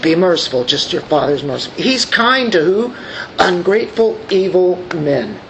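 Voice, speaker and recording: A man's voice: high-pitched, very animated, moderate pace, a bit bright, a little hiss or hum, poor audio. A man preaching a sermon as a pastor. He reads scripture aloud and puts questions to his congregation.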